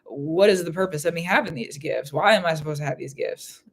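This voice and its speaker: A woman's voice: low-pitched, a little fast, husky. A woman giving a live spiritual reading in casual chat, who laughs often and repeats phrases. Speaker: spiritual reader.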